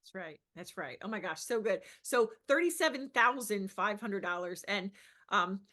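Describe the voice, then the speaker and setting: Woman host, mid pitch, upbeat and affirming interviewer. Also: lively intonation, moderate pace, pushed and bright. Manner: enthusiastic, affirming. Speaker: business coach, host.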